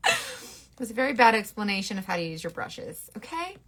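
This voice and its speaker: A woman makeup artist chatting through a makeup tutorial with a bright, somewhat high voice. Her pitch swings all over as she rambles playfully, full of sass and slang. Recorded close on a phone camera indoors. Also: huge pitch swings, a little fast, slightly rough. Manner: sassy slangy talk.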